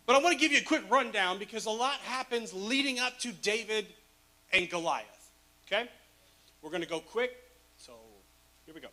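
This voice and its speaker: A man preaches a sermon in a relaxed, joking storytelling way, laughing as he goes. His voice sits high for a man and has a bright, forward edge. He sounds chatty and easygoing at the pulpit. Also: normal speed, pauses often. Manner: casual, humorous storytelling with laughs. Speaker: pastor.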